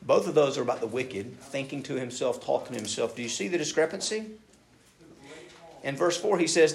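A male pastor delivering a sermon, reading scripture and then talking straight to his listeners. His delivery is animated, swinging between forceful emphasis and quiet, hushed asides. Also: mid-range voice, moderate pace, gravelly, long pauses. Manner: reads scripture aloud, then speaks to the congregation directly.

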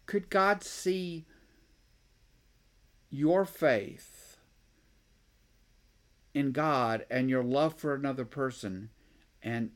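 A man preaching a sermon, thinking aloud, with rhetorical questions and frequent restarts. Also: medium pitch. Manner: acts out the scribes' objections.

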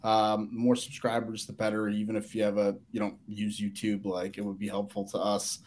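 Man, podcast co-host, eager casual sports talk, quick with restarts. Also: on the low side, completely flat delivery, a little mellow.

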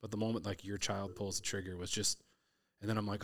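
Middle-aged man from Southern California, low voice, animated storyteller who acts out the people in his stories. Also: fast. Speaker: hunter telling stories. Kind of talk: casual conversation.

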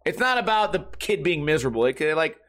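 Male, mid-thirties, profane rambling monologue with lots of laughs; lively, high-ish voice. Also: quick pace. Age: 30s. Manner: swears constantly, rants, laughs between lines.

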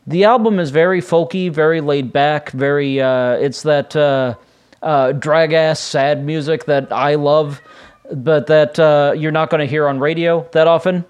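A chatty man hosts his podcast alone from a room at home, his voice sitting a little high for a man. He rambles along in a loose, casual way, often stopping to restart a thought. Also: steady tone, a little slow, clear, resonant tone. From United States. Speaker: podcast host. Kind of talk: casual solo podcast chat.

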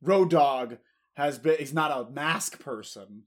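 A man's voice: mid-range voice, slow pace. A man co-hosting a podcast in casual chat, joking and giving easygoing opinions. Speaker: podcast co-host.

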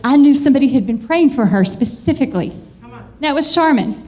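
A high-pitched woman with a drawl delivers a chatty church sermon. She talks to the congregation like friends, laughing often and leaping up into excited squeals before settling back down. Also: a little fast. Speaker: church speaker.

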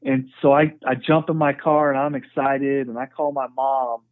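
A man's voice: mid-range voice, flat delivery, normal speed, no room sound. A man speaking as a podcast guest, telling his story earnestly and frankly and often saying "you know". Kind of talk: conversational storytelling. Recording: tinny phone-like dry sound.

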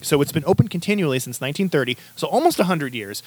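A man's voice: fairly high pitch, expressive, fast, breathy edge. A man co-hosting a casual podcast chat, rambling and joking as he tells stories. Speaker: podcast co-host.

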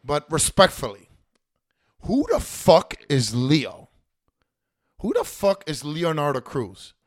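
A man's voice: a little high, slow. A man hosting a fantasy football league recap, talking casually with sarcastic, profanity-heavy rants about the teams and players. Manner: animated, swears a lot, sarcastic rants. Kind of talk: casual profane sports commentary.

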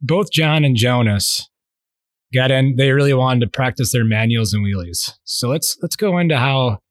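A man hosts a podcast interview in an easygoing, rambling way, often restarting his sentences. His voice sits at a middle pitch, and the recording is dry and close. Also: normal speed, dry recording. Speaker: podcast host. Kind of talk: hosting an interview.

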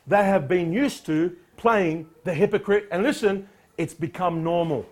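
A man preaching with a high voice, reading scripture in a loud, declamatory tone. Between readings he exhorts his listeners and his pitch jumps upward on the key words. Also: measured pace. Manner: emphatic, rising sharply on exhortations; reads scripture in a louder, declamatory voice. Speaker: pastor.

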